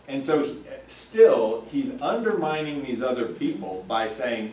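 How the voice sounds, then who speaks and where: A man teaching a church Sunday school class, thoughtful and halting, with many fillers and restarts. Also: medium pitch, lively intonation, darkish tone, slight background noise. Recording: echoey room, mic far off.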